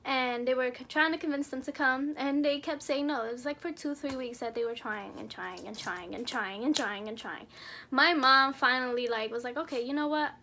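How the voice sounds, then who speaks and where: Brief: young woman vlogger, high voice, lively slangy storyteller. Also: moderate pace, slight background noise. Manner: animated, slangy storytelling, acts out quotes. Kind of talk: casual storytime.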